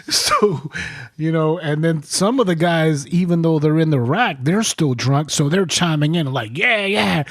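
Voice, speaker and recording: A military veteran telling stories in a casual podcast chat, swearing freely and laughing between lines. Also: male voice, fairly high pitch, expressive, takes it slowly, no echo, clean studio sound. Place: studio.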